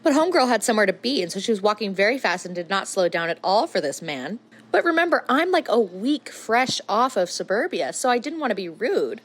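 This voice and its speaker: A woman's voice: medium pitch, a little fast. A woman from Utah, a crafts creator, telling stories in a chatty, playful voice-over. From Utah, USA. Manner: chatty, animated, playful asides. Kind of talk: casual storytelling voice-over.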